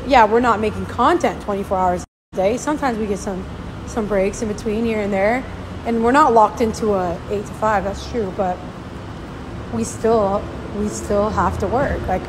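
A woman's voice: medium pitch, noisy background. A young woman and mother talking casually to camera in a vlog, chatty and worn out as she vents about her day. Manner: chatty, tired, venting. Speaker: vlogger and mother. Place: at the gym, faint ambient noise.

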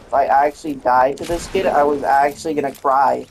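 A woman's voice: very deep voice, steady tone, brisk, few pauses, a little mellow, slight background noise. A woman giving gameplay commentary, ranting in frustration with heavy swearing. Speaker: gaming channel host.

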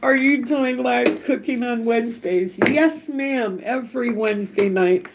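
Slow-talking woman cooking live. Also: a little high, background noise. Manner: chatty, laughs often, talks to viewers by name. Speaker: home cook hosting a live stream. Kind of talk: casual live cooking stream. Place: home kitchen. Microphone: phone camera.

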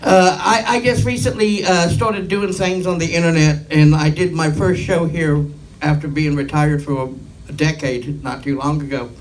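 Stand-up comic, middle-aged man, somewhat high voice, deadpan rambling delivery, mic a little far with faint noise. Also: normal speed. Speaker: stand-up comedian. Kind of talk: stand-up comedy set.

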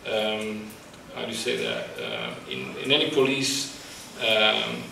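Halting, passionate man in echoey room. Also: lowish voice, very animated, gravelly, pushed and bright, a little hiss or hum. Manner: halting, searching for words, passionate. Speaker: photographer presenting his exhibit. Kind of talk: emotional public talk. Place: exhibit talk at a college, indoors. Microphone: microphone in front of him. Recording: echoey room, distant mic.

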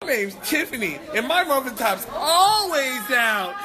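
A teenage girl with a high, lively voice draws out her roast lines slowly. She often shouts them and laughs as she speaks. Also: heavy background noise. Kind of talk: roast challenge introductions.

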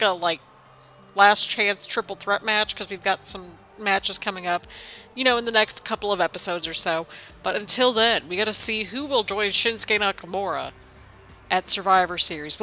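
A young woman with a pushed, bright, mid-range voice hosts a gaming channel. She rambles chattily and laughs often in casual let's-play commentary on a wrestling game.

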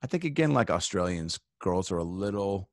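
A comedian guesting on a podcast riffs in rambling, swear-laden bits packed with fillers, all in casual chat. His low voice swings widely in pitch and moves fairly quickly. The studio recording is clean, with no echo.

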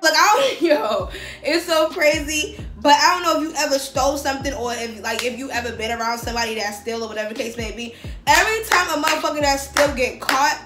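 A young woman, telling a story on her vlog in a slangy, profane, animated way. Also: high voice, a little fast. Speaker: vlogger. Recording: echoey room with faint music.

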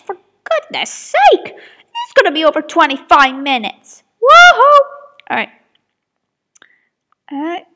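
A woman with a high, somewhat bright voice talks to herself through blooper outtakes of an audio drama she wrote and is voicing. She mocks herself and sighs often.

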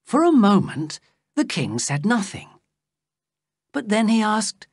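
Slow, husky woman narrating a story. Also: medium pitch, dry recording, studio quality. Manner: slow, careful and expressive reading. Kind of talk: scripted narration for English learners.

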